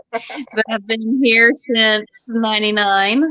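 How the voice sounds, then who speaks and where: A woman's voice: fairly high pitch, slow pace, sharp tone, no room sound. A woman from the Missouri Ozarks with a Southern accent, chatting folksily as a guest on a live show. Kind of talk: casual chat.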